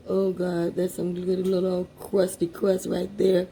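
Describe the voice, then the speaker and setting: A woman's voice: on the low side, monotone, unhurried, vocal fry, few pauses, warm tone, slight background noise. A woman hosting a casual home cooking vlog, chatty and heartfelt, talking straight to her viewers from her kitchen. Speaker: cooking channel host.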